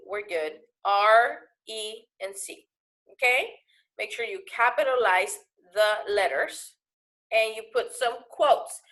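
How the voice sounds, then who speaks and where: A woman teacher giving a recorded lesson to her students, explaining patiently and often pausing to ask "okay?". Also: fairly high pitch, sharp tone.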